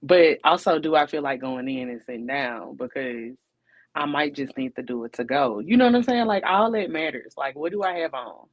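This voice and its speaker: A woman's voice: low voice, normal speed, dull audio. A woman co-hosting a casual relationship podcast, talking in a chatty, rhetorical way and often checking in with her listener. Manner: chatty, rhetorical, keeps asking "you know what I'm saying". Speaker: podcast co-host.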